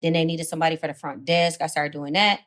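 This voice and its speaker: A young woman, a radio personality and guest, telling her story in a casual, animated way with heavy slang and swearing. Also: low-pitched, quick pace. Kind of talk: casual chat.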